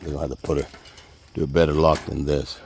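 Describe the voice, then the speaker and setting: A rumbling low, slightly mellow male voice with little pitch movement moves at a quick pace through a casual walking tour of his land by a pond. His manner is folksy and conversational, Southern US in flavor, with birds and insects faintly audible outdoors.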